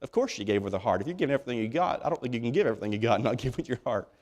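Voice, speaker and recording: A man's voice: mid-range voice, expressive, rapid-fire, a little mellow. A man preaching a sermon as pastor, folksy and emphatic, often restarting his words. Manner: folksy, emphatic preaching with many repeated starts. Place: church.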